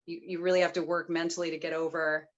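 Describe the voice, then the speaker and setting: A woman from the United States with a neutral accent speaks in a smooth, silky, low-pitched voice, level in tone and fast. She's a voice-actor guest in a casual interview, talking earnestly and reflectively, and the recording has its highs cut off.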